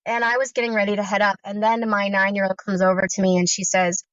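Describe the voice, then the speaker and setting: A woman in her thirties gives a first-person account, earnest and intense as she walks through frightening memories in close detail. Her voice sits at an ordinary middle pitch. The audio is dry and somewhat dull, with little room sound. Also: flat delivery, fast, clear, resonant tone, no echo. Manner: earnest, intense, recounting fear in vivid detail. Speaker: guest sharing her story.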